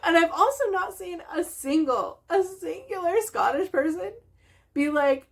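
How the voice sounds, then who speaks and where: A woman's voice: extremely high pitch, unhurried, gravelly. A woman hosting a knitting video podcast, chatting casually to camera in a bubbly, gushing way and laughing often.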